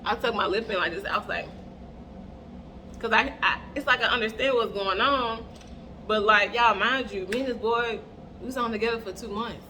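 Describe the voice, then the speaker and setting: Bright-voiced young woman telling a story. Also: on the high side, normal speed, a little hiss or hum. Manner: animated, keeps addressing the audience as "y'all". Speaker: vlogger. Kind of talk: casual storytime chat while doing makeup. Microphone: earbud mic.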